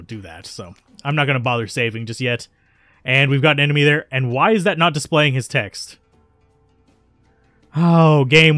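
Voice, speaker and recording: Casual let's play host, chatty, dry close mic, faint game music under. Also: male voice, mid-range voice, a bit bright, no room sound. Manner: chatty, self-correcting. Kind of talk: casual gameplay commentary.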